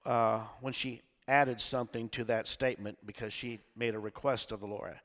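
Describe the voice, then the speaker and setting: A male pastor preaching a sermon, swinging between quiet talk and shouted call-and-response. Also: medium pitch, fairly even intonation, normal speed. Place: church sanctuary. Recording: church hall reverb.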